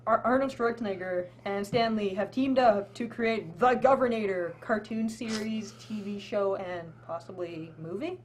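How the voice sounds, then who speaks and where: A woman's voice: medium pitch, moderate pace, few pauses. A woman co-hosting a casual podcast, chatty and sarcastic, laughing often. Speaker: co-host. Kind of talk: casual chat. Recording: faint background noise.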